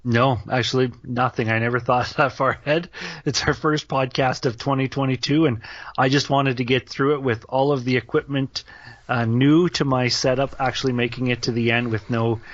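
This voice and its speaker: A man's voice: mid-range voice, steady tone, moderate pace, no echo. A man with a nasal voice, co-hosting a casual sports podcast. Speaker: podcast co-host. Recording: dry, slightly dull home setup.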